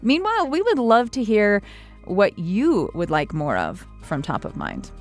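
A woman's voice: mid-range voice, huge pitch swings, a little slow. A woman hosting a radio show and podcast, reading an upbeat outro and promoting the next episode. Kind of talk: interview and scripted outro. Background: music.

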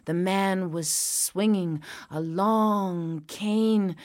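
A woman's voice: fairly low pitch, unhurried, dry recording, studio quality. A woman telling a folk tale to families in a playful way, repeating words for rhythm and acting out sounds. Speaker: storyteller.

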